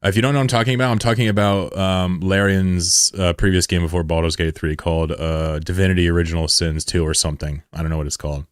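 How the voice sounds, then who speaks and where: Young male streamer, deep and dry, loose, profane banter. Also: steady tone, fast, few pauses, smooth, no echo. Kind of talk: casual live-stream chat.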